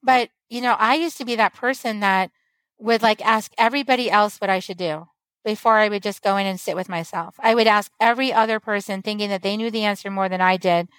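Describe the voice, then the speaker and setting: Her mid-range voice is steady, fairly bright, clear and resonant, moving a little fast. This guest author and medicine woman speaks earnestly and fluidly, like a teacher, about spiritual growth in a casual podcast chat, captured in a low-quality recording with no room sound.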